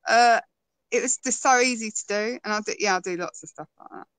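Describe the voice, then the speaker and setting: A woman chatting as a guest, telling lively stories and laughing often. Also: on the high side, fairly quick, clear, resonant tone, dry recording, low-quality recording. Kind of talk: casual conversation.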